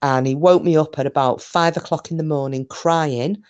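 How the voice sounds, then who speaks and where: A woman's voice: low voice, fairly even intonation, moderate pace, a little mellow, smooth. A woman chatting casually on a live stream, rambling through stories, answering comments and swearing mildly.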